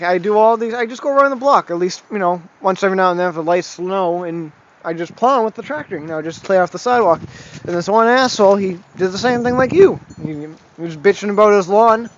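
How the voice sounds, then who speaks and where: A young man with a high-pitched voice rambles through a casual vlog, swearing often and laughing at his own complaints. He drifts from story to story without much structure. The audio is dull and lo-fi, with faint background noise. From Massachusetts. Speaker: vlogger.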